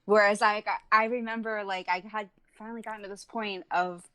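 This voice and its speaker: A woman's voice: medium pitch, steady tone, a little fast, fairly bright tone, clear, resonant tone, dry recording. A young adult woman with a Long Island accent, a musician chatting as a podcast guest, laughing often and filling with "like.". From Long Island, New York. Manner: laughs often, many fillers and restarts. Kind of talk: casual interview chat.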